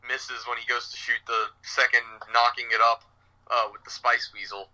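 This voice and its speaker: A man who teaches, co-hosting a podcast and calmly recapping scenes from a cartoon episode. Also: medium pitch, moderate pace, poor audio. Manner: relaxed, fills in details, quotes lines.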